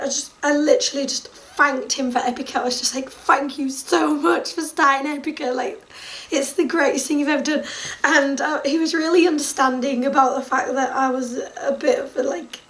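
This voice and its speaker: A young woman telling a story to camera in an excited, gushing way, breaking into laughs and squeals. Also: high voice. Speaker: vlogger.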